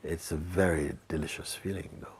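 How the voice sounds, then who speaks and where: A man giving a soft-spoken spiritual talk, telling a personal story and often sinking to a hush. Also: low-pitched, steady tone, a little fast, slight background noise. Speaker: spiritual teacher.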